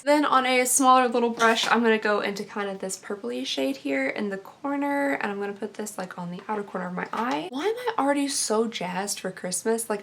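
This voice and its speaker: A young woman chatting casually through a makeup tutorial, rambling and self-deprecating, her voice a little tired and croaky. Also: fairly high pitch. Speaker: beauty vlogger.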